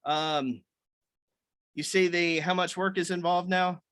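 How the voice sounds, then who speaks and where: A man's voice: high-pitched, fairly even intonation, slow, a bit bright, clear, resonant tone, no echo. A man leading a writers' meeting on a video call, explaining things loosely with many fillers and restarts.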